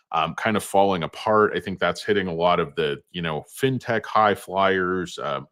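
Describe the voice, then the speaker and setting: A man's voice: deep voice, a bit bright. A man hosting a casual stock market livestream, rambling between topics with crude jokes. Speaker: stock market show host.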